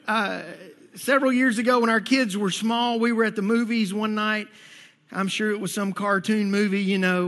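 A middle-aged man delivers a sermon as a church pastor, mixing scripture with funny stories. He talks with a high, bright voice, stammers on his restarts, and acts out the people he quotes. The long reverb of a church hall trails behind every word. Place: church sanctuary.

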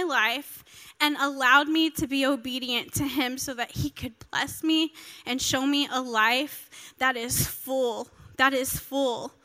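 Lady pastor preaching in church, lively storytelling, gets emotional, high bright voice. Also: a little slow. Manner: animated storytelling, quoting others, emotional. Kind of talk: sermon.

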